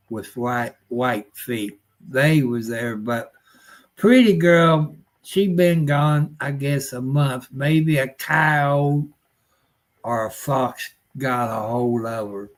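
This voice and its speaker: Slow-talking folksy older man. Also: mid-range voice. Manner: folksy, rambling, grumbling, with rural nonstandard grammar. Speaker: livestream host. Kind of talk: rambling casual live-stream chat.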